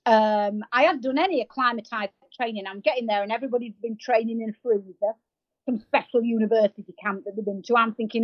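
A woman, telling stories as a podcast guest in a lively, self-mocking way, with plenty of fillers and restarts. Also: on the high side, fast talker, no echo, highs cut off. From United Kingdom. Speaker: guest, marathon runner. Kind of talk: casual storytelling in an interview.

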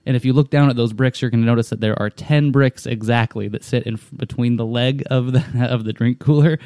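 A man's voice: medium pitch, steady tone, fairly quick, warm tone, no echo, clean studio sound. A man in casual chat, telling a long story in a rambling, profane way with frequent restarts. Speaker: storyteller in a conversation.

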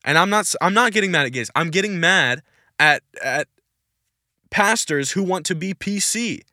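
A man's voice: high voice, expressive, normal speed, bright, forceful tone, no echo, studio quality. A man hosting a Christian podcast Q&A, answering questions in an emphatic, insistent, preachy way and repeating his points. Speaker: podcast host.

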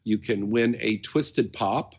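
A man's voice: lowish voice, slow, breathy edge. A man hosting a radio show, talking casually in a chatty, rambling way with many fillers. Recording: dull lo-fi sound.

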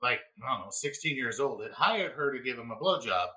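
A man hosting a podcast, telling an EMT story in casual chat, laughing and yelling out the punchlines. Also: medium pitch, brisk, rough recording. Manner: animated, laughing, yells quoted lines. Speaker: podcast host; former EMT.

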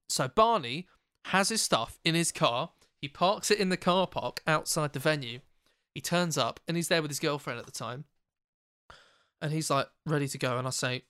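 A man, a podcast co-host, telling an animated, sweary anecdote in casual chat. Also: fairly high pitch, moderate pace, dry recording, clean studio sound.

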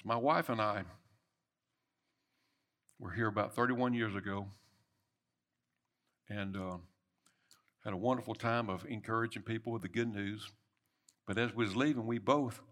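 A middle-aged man preaching a sermon, swinging between loud emphatic bursts and soft murmured lines. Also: medium pitch.

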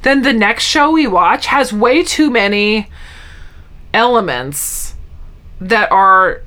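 Female co-host, casual podcast chat, mid-pitched, animated storyteller. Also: slow. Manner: chatty, animated retelling with acted-out quotes. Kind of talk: casual chat recapping a sitcom.

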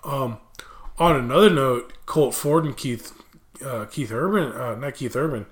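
A man co-hosting a casual radio show, talking about music in a blunt, excitable way and swearing freely. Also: medium pitch, unhurried, roomy sound.

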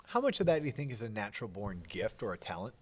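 A man's voice: fairly low pitch, very animated, quick pace, a little mellow, breathy edge. A man hosting an interview, asking casual, curious questions and repeating a word or two as he searches for them. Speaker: podcast host.

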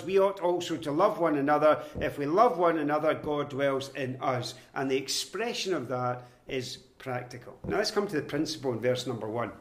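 High-voiced preacher in an echoey room. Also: male voice. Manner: measured, emphatic, slows to stress quoted verses. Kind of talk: expository Bible teaching.

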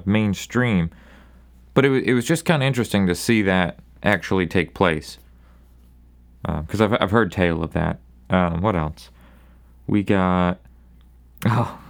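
This young solo podcaster rambles through a story from a bar in a wry, easygoing manner, briefly voicing the people involved. His pitch is fairly low and his tone is clean.

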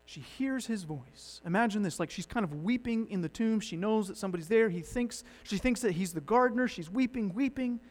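Pastor, male, higher register, dynamic preacher who drops from punchy to hushed, long church reverb. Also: lively intonation, a little fast, few pauses. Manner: dynamic, swinging from loud emphatic to hushed. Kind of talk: sermon.

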